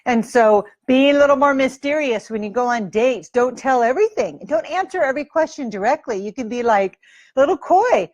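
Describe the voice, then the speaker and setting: A woman's voice: fairly high pitch, expressive, a little fast, few pauses, no echo, highs cut off. A woman dating coach giving advice straight to camera in a breezy, playful way, acting out sample lines.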